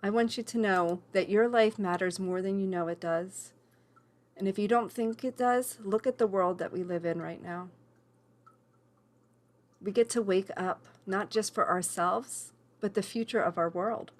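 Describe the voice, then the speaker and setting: A woman's voice: medium pitch, measured pace. A woman leading a live online women's class over a video call, earnest and emotional, encouraging people by name.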